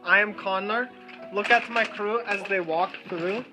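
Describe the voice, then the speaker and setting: A man's voice: high voice, unhurried. A man putting on a mock Russian accent to play a hammy contest host who speaks in broken grammar over music. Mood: playful. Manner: broken grammar, playful announcer delivery.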